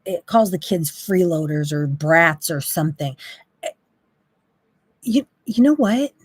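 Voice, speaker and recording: A woman's voice: lowish voice, lively intonation, moderate pace, breathy edge, no room sound. A woman hosting a faith-based monologue, talking in an impassioned, exasperated, preachy way. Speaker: Christian talk host.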